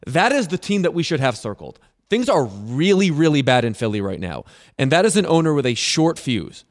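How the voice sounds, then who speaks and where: Wry, argumentative sports co-host. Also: male voice, on the high side, sing-song, a little fast. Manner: argumentative, wry, builds a case. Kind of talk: casual sports talk banter.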